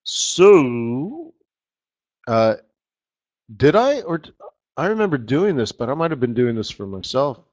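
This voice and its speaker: A man hosting a live trading webinar, walking viewers through charts in an excitable, slangy, chatty way. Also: mid-range voice, a little slow, pauses often. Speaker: forex trading webinar host. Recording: slightly dull lo-fi audio.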